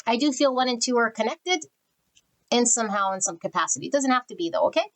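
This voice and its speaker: Over a rough recording, a high-voiced woman talks fast and expressively through a general pick-a-card tarot reading. She is blunt and spiritual, channels energy, and announces each card as it comes out.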